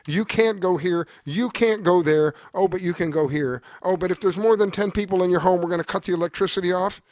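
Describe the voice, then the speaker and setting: A man's voice: high-pitched, brisk, darkish tone, dry recording, clean studio sound. A man hosting a talk show, delivering an exasperated, emphatic commentary monologue with lots of repetition. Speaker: show host.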